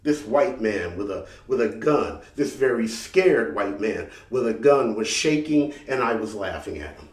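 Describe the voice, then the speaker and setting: A man's voice: lowish voice, expressive. A man performing a solo theatrical story, telling it dramatically and often repeating words as he goes. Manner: dramatic, halting repetitions. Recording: roomy sound from a distant mic.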